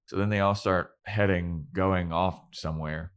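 A young man with a deep, low-pitched voice recaps an episode in casual podcast chat. He tells it animatedly, jumping into mock voices for the characters and swearing freely. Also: steady tone, unhurried, smooth. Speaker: podcast co-host.

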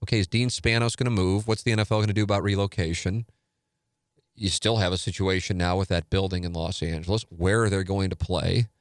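A man hosting a podcast, talking casually in an animated, rambling way with many fillers. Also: low voice, fairly quick, no room sound, clean studio sound. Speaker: podcast host. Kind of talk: casual solo podcast talk. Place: studio.

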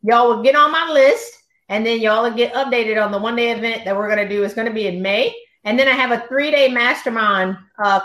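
Woman guest coach, preacher-like animated delivery, echoey room sound. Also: fairly high pitch. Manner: animated, acts out dialogues, preacher-like cadence. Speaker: guest coach on pay negotiation. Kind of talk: lively conversational advice on a live stream.

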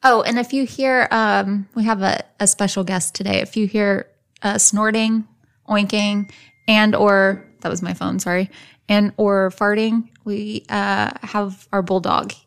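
A woman's voice: mid-range voice, fairly even intonation, unhurried. A woman hosts a true crime podcast, walking through a case from her notes. Her delivery is casual and chatty, with playful jokes along the way. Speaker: podcast host. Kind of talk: casual chat and case narration.

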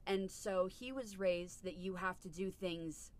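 A woman's voice: lowish voice, unhurried. A woman hosting a podcast in casual chat, blunt and swearing freely as she tells stories. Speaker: podcast host.

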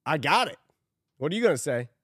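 A man with a notably high voice, swinging up and down in pitch, banters playfully as a podcast co-host. He teases his partner and laughs easily. The sound is dry and close. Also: very animated, sharp tone, no room sound. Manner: playful, teasing, quick to laugh. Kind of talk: casual chat.

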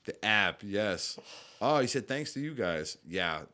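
A man co-hosting a casual live podcast, who swears freely and tells animated stories. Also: lowish voice, measured pace. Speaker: podcast co-host.

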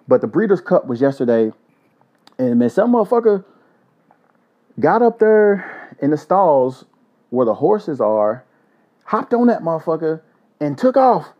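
Profane, animated man ranting. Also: fairly high pitch, a little slow, pauses often, dull audio. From Louisville, Kentucky. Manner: profane, animated, loose and joking. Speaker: podcast host. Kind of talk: solo podcast rant.

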